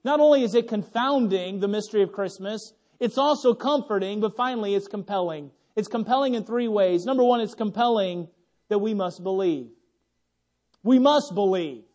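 A young adult male pastor preaching a sermon, swinging from loud exclamations to hushed, tender passages. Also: sits high, fairly quick.

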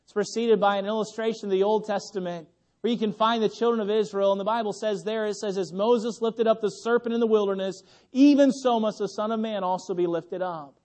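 A young adult male pastor preaching a sermon, swinging from loud exclamations to hushed, tender passages. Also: sits high, steady tone, fairly quick.

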